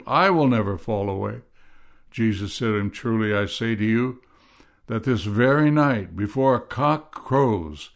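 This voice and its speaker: Male pastor, unhurried sermon delivery, mid-pitched, emphatic on key words. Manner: slow, deliberate reading, rising to emphatic stresses. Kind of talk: sermon with scripture reading.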